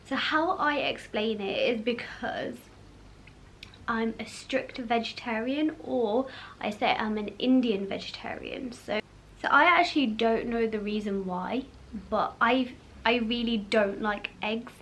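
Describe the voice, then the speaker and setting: A young woman talks to camera in a light, fairly high voice that jumps up brightly when she gets animated. Her chat is loose and friendly, full of fillers and quick laughs, with a faint room hum behind her. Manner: chatty, lots of fillers and laughter. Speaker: vlog host.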